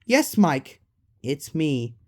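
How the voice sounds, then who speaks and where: A woman's voice: sits low, sing-song, drawn-out words, warm tone, full character voice. A woman voicing a loyal animatronic boy who is the ghost of a little brother, speaking eagerly and insistently in a raised voice.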